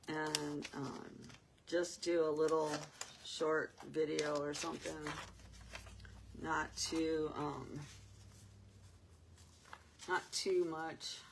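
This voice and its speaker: Soft-spoken older woman, slow crafting chat. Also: lowish voice, background noise. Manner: chatty, rambling, with soft laughs. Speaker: crafting channel host.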